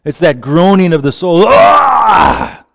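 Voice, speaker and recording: Guy preaching real slow, dry close sound, goes quiet then bursts out wailing. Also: medium pitch, no room sound. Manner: impassioned, swings from quiet to sudden wailing cries. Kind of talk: sermon.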